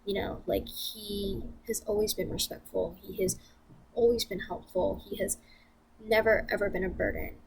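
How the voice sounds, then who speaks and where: A woman's voice: mid-range voice, little pitch movement, normal speed, gravelly, husky. A young woman venting to camera in a casual vlog, blunt and profane, rambling with lots of fillers. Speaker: vlogger.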